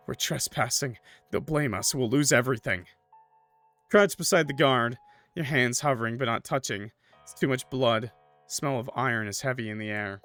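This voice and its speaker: Soft background music plays as a male streamer works through a horror game, reading the on-screen text and tossing in relaxed commentary peppered with "like" and "bro." His pitch is medium, his pace moderate and his tone fairly bright.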